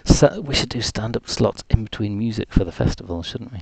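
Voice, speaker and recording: Mild Geordie man hosting a live stream, low gravelly voice, dry close sound, joking and filling time. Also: lively intonation, fairly quick, a little mellow, no room sound. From North East England. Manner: jokey, chatty, self-deprecating rambling. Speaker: livestream host. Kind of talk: rambling live-stream chat.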